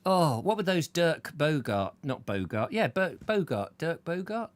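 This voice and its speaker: A man's voice: a little high, very animated, unhurried. Guy hosting a chat show, jokey and rambling, voice swoops up and down a lot. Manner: chatty, jokey, rambling anecdotes with put-on voices. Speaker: host. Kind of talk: casual chat.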